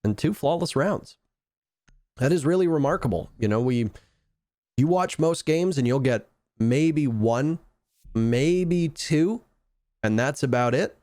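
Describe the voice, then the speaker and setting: A man's voice: on the high side, lively intonation, slow pace, pauses often, darkish tone, no echo, clean studio sound. A man doing color commentary on an esports match, breaking down play in an emphatic, analytical way.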